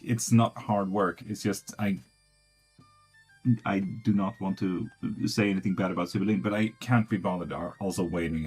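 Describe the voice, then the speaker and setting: Low husky guy doing live tarot reads, cusses a lot, quiet guitar behind. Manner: blunt, swears freely, laughs often. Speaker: tarot reader streamer. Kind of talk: casual live-stream tarot reading.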